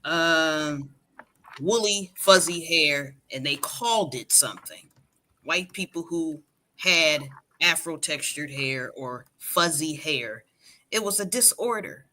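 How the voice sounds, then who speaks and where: Emphatic, bright-voiced woman hair educator. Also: sits low, expressive, slow pace. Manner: emphatic, insistent lecturing. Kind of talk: casual livestream chat.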